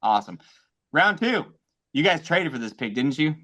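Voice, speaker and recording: Excitable swearing podcast man. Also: on the high side. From American South. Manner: excitable, swearing, quick to laugh. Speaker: podcast co-host. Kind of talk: casual sports chat.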